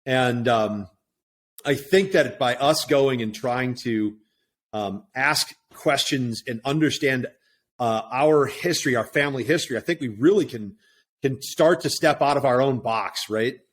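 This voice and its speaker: Middle-aged guy on a podcast, thinks out loud, keeps saying right?, ordinary pitch. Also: a little slow. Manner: reflective, tags points with "right?". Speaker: guest. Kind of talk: casual conversation.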